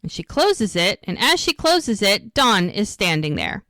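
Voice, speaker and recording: A woman's voice: mid-range voice, sing-song, measured pace, bright, forceful tone, dry recording, clean studio sound. A woman co-hosting a podcast, casually retelling scenes blow by blow and acting out the characters' lines. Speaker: podcast co-host. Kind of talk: casual episode recap.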